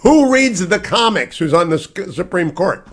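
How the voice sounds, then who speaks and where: A male radio talk show host, his voice sitting a little higher than most men's. He interviews an author with emphatic, eager questions. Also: very animated, normal speed, fairly bright tone.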